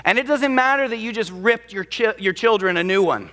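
The long reverb of a big church hall surrounds a pastor whose voice sits very high for a man. Fairly quick and fairly bright, his sermon leans on dramatic emphasis as he takes on the voices of those he quotes.

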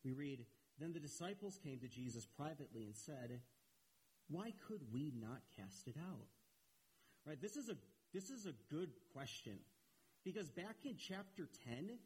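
A man preaching a sermon in an earnest way, repeating phrases for emphasis and rising in pitch as he gets animated. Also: husky, rough recording.

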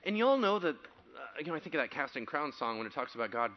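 A male pastor preaching a sermon, telling stories animatedly, acting out quotes and building to loud excited passages. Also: medium pitch, fast, dull audio.

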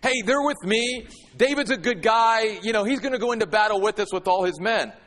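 A man's voice: high-pitched, a little fast, a bit bright, voice pushed up. A man voicing an easygoing, trusting king who talks in a breezy, reassuring way. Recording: long hall reverb.

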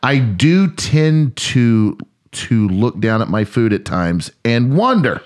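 A man's voice: mid-range voice, big pitch swings, slow. A man in his forties co-hosting a podcast, laughing often and poking fun at himself. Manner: laughs often, self-deprecating. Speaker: pastor and podcast co-host. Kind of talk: casual chat.

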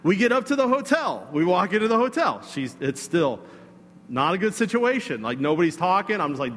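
Man, pastor, sermon, chatty storytelling, slightly high voice, long hall reverb. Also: moderate pace. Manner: conversational and animated, with fillers and asides to the congregation.

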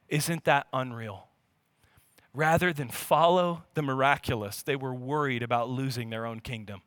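A man in his thirties preaches with passion, his high, bright voice rising to loud emphasis and then dropping low and quiet. His tone is smooth and clear, recorded close and dry. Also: animated, normal speed, no echo. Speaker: pastor. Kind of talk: sermon.

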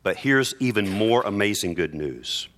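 A male pastor preaching earnestly in church, reading scripture aloud with slow, emphatic phrases. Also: on the low side, sing-song, a bit bright. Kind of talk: sermon.

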